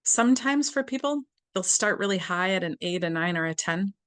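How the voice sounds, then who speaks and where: A woman leading a guided tapping exercise, speaking gently and slowly with repeated phrases for the listener to follow. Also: medium pitch, expressive, clear, resonant tone.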